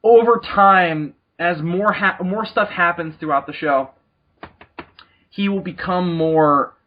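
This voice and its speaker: A man co-hosting a podcast in casual chat, jokey and quick to laugh. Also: sits high. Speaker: podcast co-host. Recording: dull lo-fi recording.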